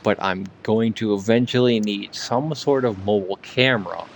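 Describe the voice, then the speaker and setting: A man's voice: fairly low pitch, normal speed, a little hiss or hum. A man streaming while gaming, chatting in a rambling way and slightly slurring his words. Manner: rambling, full of "like" fillers. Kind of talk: casual live-stream chat while gaming.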